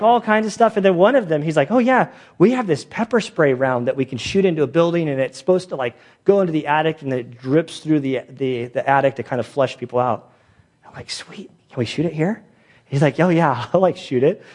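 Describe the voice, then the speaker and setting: A male pastor delivers a casual, story-driven sermon in a voice pitched a little above the usual for a man. He talks loosely and chattily, with plenty of fillers, and jumps up in pitch when he acts out the people in his anecdotes. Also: lively intonation, fairly quick, darkish tone. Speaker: pastor and police chaplain. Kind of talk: conversational sermon.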